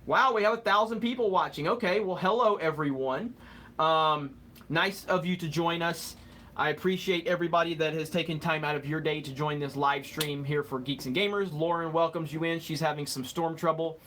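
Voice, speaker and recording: A man's voice: a little high, moderate pace, a bit bright. A young man hosting a live stream, casually reading out chat comments with a joking, rambling manner and the odd fumble over words.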